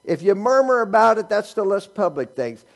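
A man's voice: sits high, big pitch swings, normal speed. A male pastor preaching a sermon, asking the congregation rhetorical questions and teasing them with humor.

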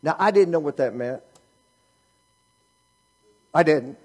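A high-voiced man preaches with husky grain in his voice. His pitch leaps and swoops as he fires rhetorical questions at the pews and teases the congregation. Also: slow. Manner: animated preaching, rhetorical questions, teasing humor. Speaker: pastor. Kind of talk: sermon.

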